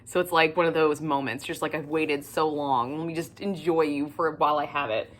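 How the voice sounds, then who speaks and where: A woman chatting casually in a book haul vlog, gushing and excitable, swearing freely and swinging between loud squeals and whispers. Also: low voice, a little fast, slight background noise. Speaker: book vlogger.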